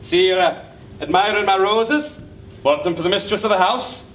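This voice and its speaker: A man playing a jovial, fussy gentleman. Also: high voice, normal speed. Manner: chatty, hesitant with fillers. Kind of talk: stage play acting. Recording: distant mic with some hiss.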